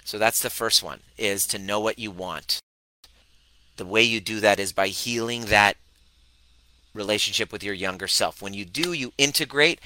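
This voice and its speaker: A man in his thirties giving a live-streamed relationship coaching talk, animated, swearing freely and acting out both sides of conversations. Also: fairly low pitch, normal speed, poor audio.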